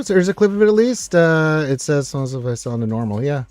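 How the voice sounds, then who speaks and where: A man's voice: on the high side, very animated, quick pace, a little mellow, no echo, soft background music. Upbeat rambling male stream host. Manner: rambling, upbeat, many fillers. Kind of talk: casual live-stream chat reading viewer comments.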